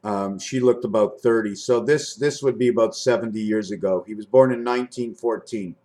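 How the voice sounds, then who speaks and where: A man in his fifties rambling through a spiritual monologue to camera, swinging between high loud bursts and low muttering. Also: fairly quick. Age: 50s. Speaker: vlogger.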